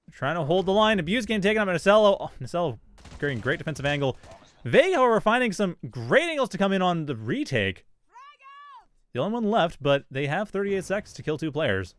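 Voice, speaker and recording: A man calling a mobile shooter esports match live, with quick play-by-play and casual banter. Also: sits high. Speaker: esports caster.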